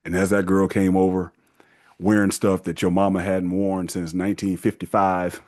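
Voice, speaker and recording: A man hosting a casual advice monologue, talking in an animated way and mocking the people he quotes. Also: deep voice, moderate pace. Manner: animated, acts out quoted parents in mocking voices. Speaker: host giving men's advice.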